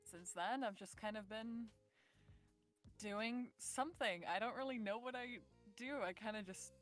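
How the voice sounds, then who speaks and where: A woman's voice: on the high side, measured pace, a bit bright, soft background music. A woman in her twenties with a Northern English accent, chatting casually and giggling as an interview guest. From north of England. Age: 20s. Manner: chatty and giggly, lots of fillers. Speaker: voice actress guest.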